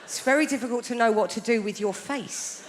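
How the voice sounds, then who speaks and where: A woman's voice: a little high, brisk. A woman in her thirties doing a wry, conversational stand-up routine on a large theatre stage. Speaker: stand-up comedian. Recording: live theatre with hall reverb and audience noise.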